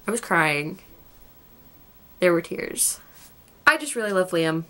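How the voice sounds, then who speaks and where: A young woman gushing excitedly about a TV show in a casual vlog. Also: lowish voice, slow pace. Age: young adult. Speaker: guest vlogger.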